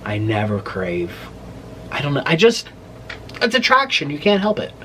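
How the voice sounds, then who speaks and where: A man in his late twenties hosts a mukbang and chats straight to camera. His voice sits a little high and swoops all over the place as he rambles. He keeps cutting himself off mid-thought to start over. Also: moderate pace, a little hiss or hum. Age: late 20s. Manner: animated, rambling, breaks off mid-sentence. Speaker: mukbang host. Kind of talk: casual storytelling chat to camera.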